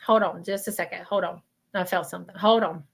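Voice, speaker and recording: A woman with a Southern US accent hosting a live stream of spiritual readings, talking in an emotional, halting way that repeats itself. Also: fairly low pitch, steady tone, gravelly, slightly rough. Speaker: host doing spiritual readings. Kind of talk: live-stream chat with viewers.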